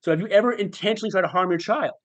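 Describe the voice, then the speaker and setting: A jeering, sarcastic inner voice, which a man puts on while recounting a memory. It jumps well above his usual pitch and presses hard with mocking, interrogating questions, one after another. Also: lively intonation, natural voice. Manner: needling, rapid-fire interrogating questions. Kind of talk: acted quote in a podcast interview.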